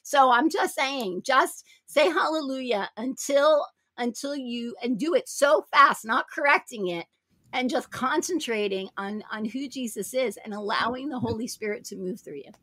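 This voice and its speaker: A woman's voice: sits high, moderate pace, pushed and bright, no room sound. A woman hosting a Christian talk show, speaking in an emphatic, preacherly way and repeating her phrases. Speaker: show host.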